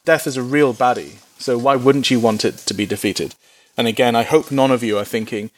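A man giving a sermon as Bible teaching, in a mid-pitched voice. He keeps it lively and funny, breaking into playful little voices when he quotes people. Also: a little fast. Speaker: preacher.

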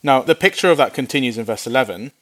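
Male preacher, mid-range voice, lively and humorous sermon delivery with playful voiced asides. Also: mid-range voice, fast talker. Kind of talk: sermon Bible teaching.

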